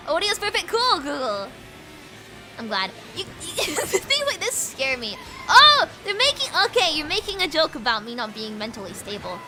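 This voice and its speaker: A woman's voice: high voice, very animated, moderate pace. A British woman streaming a racing game, chatting casually with her viewers in a bubbly, giggly, rambling way with lots of fillers. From Britain. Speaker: VTuber streamer. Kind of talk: casual livestream chat while gaming. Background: game music.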